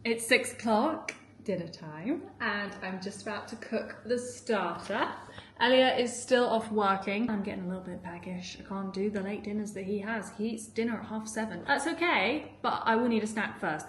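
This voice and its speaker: A woman's voice: mid-range voice, moderate pace. Chatty woman in an echoey kitchen. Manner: chatty, peppered with "like", laughs often. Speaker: food vlogger. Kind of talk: casual chatty vlog while cooking. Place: home kitchen.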